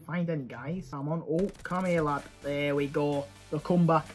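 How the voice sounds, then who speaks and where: A young man giving excitable live commentary over his own gameplay, cheering and swearing at the action. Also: fairly high pitch, moderate pace, hardly any pauses, soft background music. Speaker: gaming YouTuber.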